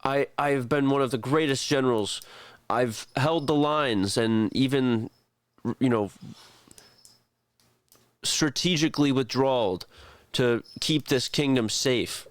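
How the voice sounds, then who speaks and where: A man's voice: medium pitch, slow, clean tone, no echo, clean studio sound, pitched above the performer's own voice, natural voice. A man voicing a pompous old noble general who blusters in indignation. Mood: indignant.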